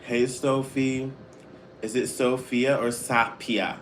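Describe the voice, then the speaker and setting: A man's voice: mid-range voice, level tone, slight background noise. A man in his twenties from Florida, eating on a live stream and chatting with viewers by name between bites. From Florida, United States. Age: 20s. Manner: chatty, reads out viewer names and questions; talks between bites, slow and playful. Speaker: mukbang streamer. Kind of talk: casual live chat while eating.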